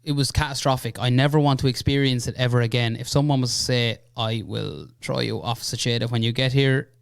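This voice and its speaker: A young Irish man recounting an adventure as a podcast guest, his voice smooth and resonant. He talks in an animated, chatty way, checking in with the listener often. The sound is dry and close, from a studio mic. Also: mid-range voice, a little fast, no room sound. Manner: animated anecdote-telling with lots of "right?" and "you know". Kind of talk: casual storytelling.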